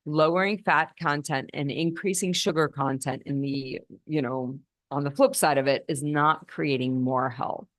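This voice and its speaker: A woman physician gives a teaching talk on nutrition in a low voice. She explains step by step and sometimes restarts a phrase. The sound is dry and close. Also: fairly even intonation, dry recording. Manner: explanatory, with frequent restarts and slow emphasis. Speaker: physician and podcast host.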